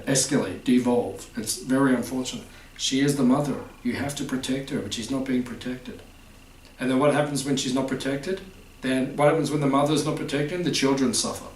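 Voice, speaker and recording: A man giving a chatty spiritual talk, often quizzing his audience. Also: medium pitch. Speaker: spiritual teacher. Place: festival hall. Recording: roomy hall, distant mic.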